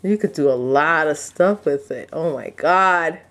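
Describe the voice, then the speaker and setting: A woman vlogging an unboxing of a craft kit, gushing with excitement and jumping up into high squeals. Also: unhurried. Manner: gushing, breathless exclamations, leaps to high squeals.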